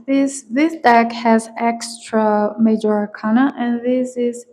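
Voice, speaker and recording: A tarot reader whose first language is not English, speaking slowly and searching for words, often laughing as she gives a collective reading. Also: a little high, steady tone, a little mellow, low-quality recording.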